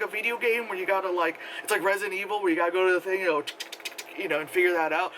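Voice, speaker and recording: A man's voice: high voice, fast, fairly bright tone, poor audio. A man giving a casual spoken movie review outdoors, rambling and sarcastic, full of fillers and mocking quotes. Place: outdoors in wind. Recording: faint wind noise outdoors.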